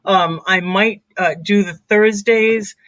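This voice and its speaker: A woman's voice: medium pitch, steady tone, takes it slowly, a bit bright, no room sound, highs cut off. A woman hosting a casual livestream chat, talking in an easygoing, musing way with fillers. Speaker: channel host.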